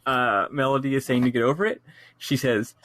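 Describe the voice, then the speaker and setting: A man co-hosting a casual game podcast, talking in an animated way and laughing at his own complaints. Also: mid-range voice, brisk. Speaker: podcast co-host.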